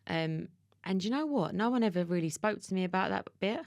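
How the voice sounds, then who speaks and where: An Essex woman in her thirties, appearing as a podcast guest, tells a personal story in a candid interview, her words tumbling out emotionally with frequent restarts. Her mid-range voice is animated, fairly quick and a little mellow, captured at studio quality with no room sound.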